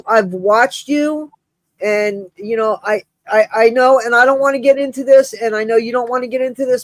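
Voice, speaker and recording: A man's voice: extremely high pitch, dry recording. Effusive, breathless male stream host. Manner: effusive, rambling, with many restarts and shout-outs. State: short of breath. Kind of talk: casual live-stream chat.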